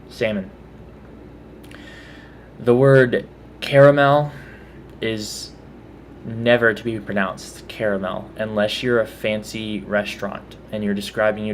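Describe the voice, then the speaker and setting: Going through a word list, a vlogger from Texas remarks casually on his pronunciation of each word in his Texan accent. His voice is on the low side, with slight background noise.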